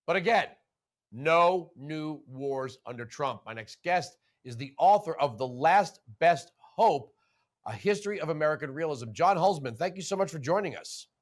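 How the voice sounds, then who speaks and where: Brief: male TV host, fairly high voice, quick sarcastic questions. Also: lively intonation. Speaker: talk show host. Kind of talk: political talk show interview.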